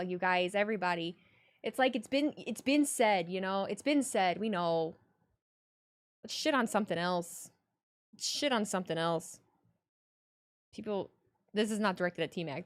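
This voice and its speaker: Young woman streamer, casual and foul-mouthed, rants animatedly while answering chat. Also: mid-range voice. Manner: blunt, profane, animated ranting.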